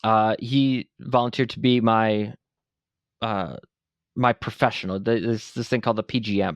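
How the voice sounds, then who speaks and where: A man's voice: lowish voice, no echo. A man in his forties from Buffalo, New York, a veteran entrepreneur telling his story bluntly and with some profanity as a podcast guest. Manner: blunt and profane, animated retelling. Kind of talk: candid interview storytelling.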